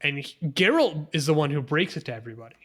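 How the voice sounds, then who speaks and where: A man's voice: fairly high pitch, very animated, fast talker. A man co-hosting a casual book-discussion podcast, retelling scenes animatedly and acting out the characters' lines. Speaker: podcast co-host.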